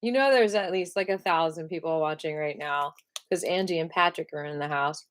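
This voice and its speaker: Teaching qigong on a live stream, a woman with a low voice is playful and upbeat, squealing with excitement at times, then slowing into gentle breathing guidance. A little hiss or hum sits under the recording.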